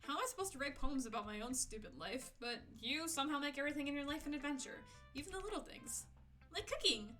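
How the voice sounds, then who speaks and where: A woman's voice: high-pitched, fast, pushed and bright, soft background music. A woman putting on a squealing, bubbly schoolgirl. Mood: excitable. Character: bubbly cheerful teenage schoolgirl, clingy. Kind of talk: voicing a visual novel character on stream.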